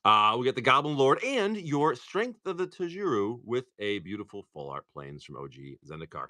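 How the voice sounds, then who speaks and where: A man with a mid-range, sing-song voice that sounds pushed and bright speaks at a moderate pace with no echo. He's chatting casually on a livestream, swearing freely and reading out card names as he opens packs.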